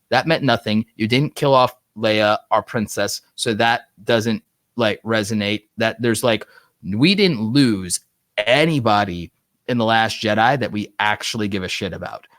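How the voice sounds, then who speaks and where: A man's voice: lowish voice, normal speed, dry recording. Man, stream host, casual rambling chat, lots of "like", dry sound. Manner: excited, rambling, heavy use of "like". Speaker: host of a live show. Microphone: online streaming setup.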